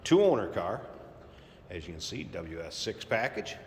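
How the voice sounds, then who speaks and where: A man giving a relaxed, plainspoken walkaround sales pitch for a classic car in a large indoor showroom. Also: unhurried, long reverb tail, slight background noise. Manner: relaxed, plainspoken, repeats key points.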